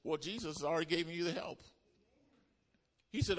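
A pastor preaching a sermon to his congregation, asking them to repeat lines back and building up to loud exclamations. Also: on the high side, brisk. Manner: call-and-response preaching, builds to shouts. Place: church.

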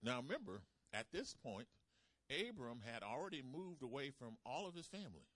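A man preaching a sermon, calling out to the congregation and swinging between loud emphasis and soft asides. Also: medium pitch, sing-song, normal speed, dry recording. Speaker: pastor.

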